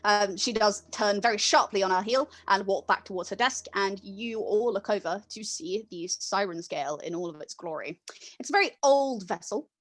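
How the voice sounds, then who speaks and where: A woman narrating a tabletop game as game master, relaxed and full of small fillers. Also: medium pitch, normal speed.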